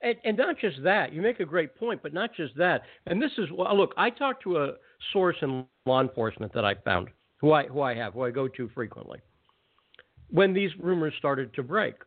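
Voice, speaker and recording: Talk radio host, man, slightly high voice, ranting chat, tinny phone-like sound. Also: sing-song. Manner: ranting, conversational, quick asides. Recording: phone-like narrow band audio.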